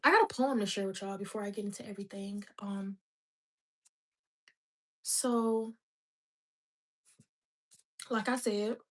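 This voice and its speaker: A woman's voice: medium pitch, steady tone, a little slow, long pauses. A woman in her twenties chatting casually and rambling on a livestream, laughing often. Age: 20s.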